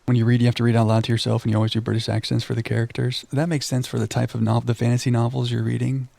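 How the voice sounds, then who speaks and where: A young man from Texas streams a mystery game, reading its text aloud and chatting with his viewers in between. His voice is heavily gravelly with a dark, mellow tone. The sound is close and dry, with no room echo. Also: mid-range voice, little pitch movement, very fast. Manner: reads on-screen text aloud, then chats with viewers. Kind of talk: casual let's-play commentary reading game text aloud.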